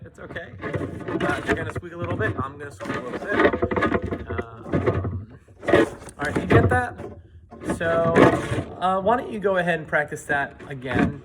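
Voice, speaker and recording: A man's voice: a little high, heavy background noise. A man teaching a flute part, talking students through rhythm and articulation and scatting the phrases on syllables. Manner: scats rhythms on syllables between instructions. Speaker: band teacher. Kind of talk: casual music rehearsal lesson.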